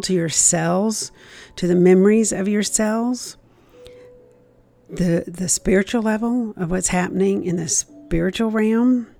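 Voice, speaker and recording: A woman's voice: medium pitch, creaky, dark tone. A woman giving a casual Christian devotional talk, speaking conversationally and often repeating herself as she acts out an inner accusing voice.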